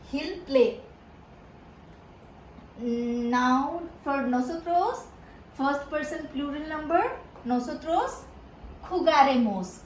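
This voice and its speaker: Woman tutor, native Hindi speaker, high voice, echoey room with faint hiss, repeats words over and over. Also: bright, forceful tone. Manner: repeats each word several times, many fillers and restarts. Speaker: Spanish tutor. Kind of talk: slow, repetitive grammar lesson.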